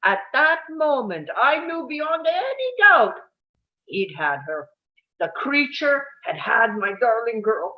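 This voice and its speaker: A woman's voice: fairly high pitch, sing-song, slow, dull audio. A woman reading the part of a bitter, tormented male composer in a table read, with a brooding, confessional delivery. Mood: anguished.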